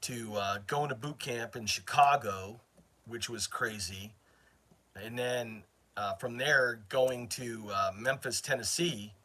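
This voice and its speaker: A man's voice: medium pitch, slow, bright, forceful tone. A middle-aged man from northern Maine, hosting his channel and telling a long, rambling story to his viewers. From northern Maine, USA. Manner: rambling, chatty, self-interrupting. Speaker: channel host. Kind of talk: casual storytelling to a live chat.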